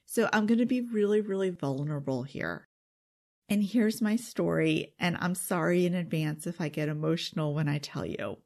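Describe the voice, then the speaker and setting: A woman's voice: fairly low pitch, moderate pace, gravelly, darkish tone. A woman giving a confiding self-help talk straight to her listeners, earnest and intimate, sometimes dropping to a whisper. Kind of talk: confiding direct-to-camera talk.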